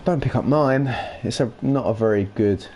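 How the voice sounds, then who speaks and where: A man's voice: medium pitch, moderate pace, warm tone, a little hiss or hum. A man with a Kentish accent who mumbles a lot, rambling casually while he streams a video game. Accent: Kentish English. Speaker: gaming streamer.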